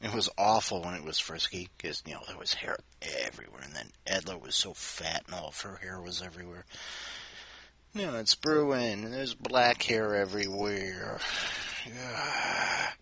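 A man hosting a podcast in a casual chat, talking softly to his cats between segments. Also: deep voice, animated, moderate pace, husky. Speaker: podcast host.

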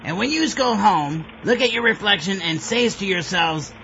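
Cartoon sailor hero, gravelly and high, mangled grammar, sharp tone. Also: male voice, animated, moderate pace, dull audio, a little hiss or hum, full character voice. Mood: preachy. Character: gruff sailor man cartoon hero, kindly.

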